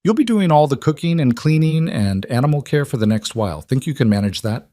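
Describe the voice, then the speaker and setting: A man voicing a stern older woman, a frontier midwife who gives firm, brisk instructions. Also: mid-range voice, animated, dark tone, no echo, studio quality, pitched above the performer's own voice, natural voice.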